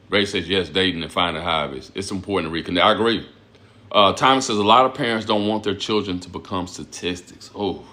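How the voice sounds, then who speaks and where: A man's voice: mid-range voice, sharp tone. A man hosting a live stream, reading chat comments aloud in blunt, profane casual talk and repeating himself a lot.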